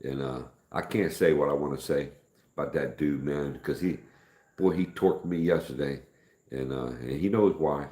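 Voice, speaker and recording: A middle-aged man hosting a casual live stream, rambling in a folksy way, greeting viewers by name and speaking softer than usual. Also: very deep voice, normal speed, reverberant.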